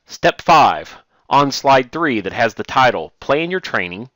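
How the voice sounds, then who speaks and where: A man teaching a screen-recorded software tutorial, walking through steps one at a time with frequent "uh" fillers. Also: mid-range voice, unhurried, dry recording. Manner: steady step-by-step explaining with frequent "uh" fillers. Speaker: instructor.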